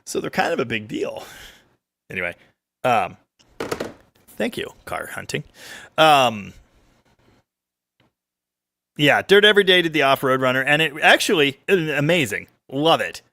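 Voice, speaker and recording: This car livestream host has a mid-range voice with vocal fry, speaking unhurriedly and leaving long pauses, with no echo. Every week he chats casually, joking and rambling with lively swings as he reads viewer comments aloud.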